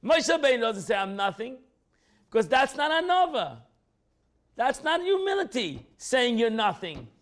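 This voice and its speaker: A male rabbi leads a relaxed class, his voice sitting unusually high and swinging widely in pitch. He talks with a sound, repeats phrases and acts out quotes with lots of energy. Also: normal speed. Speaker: rabbi teaching a weekly class. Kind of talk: informal Torah class lecture.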